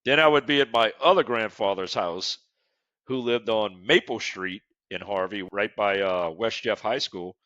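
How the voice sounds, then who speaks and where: A podcast host in his sixties, from New Orleans' Westbank, tells stories between frequent laughs during casual interview chat. His voice is lowish and fairly bright at a moderate pace, in a dry recording with the highs cut off.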